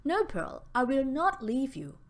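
A woman reading the part of a caring young woman who speaks gently and reassuringly. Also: sits high, big pitch swings, a little slow, pitched above the performer's own voice, heavily acted. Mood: soothing.

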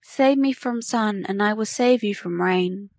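A woman voicing a gentle little male grey snake in a storybook, speaking calmly and reassuringly. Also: mid-range voice, a little slow, no room sound, lightly acted. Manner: calm, reassuring storybook dialogue.

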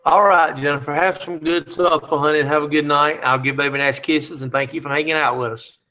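A man's voice: fairly high pitch, steady tone, fairly quick, bright, forceful tone. A man hosting a live chat, reading out viewer comments and teasing them in a joking, easygoing way.

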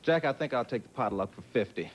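A man's voice: medium pitch, lively intonation, fast. Cheerful laughing quiz contestant man. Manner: cheerful, laughs often, short answers. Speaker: game show contestant. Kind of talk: casual chat. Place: TV studio. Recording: noisy old TV audio with loud audience.

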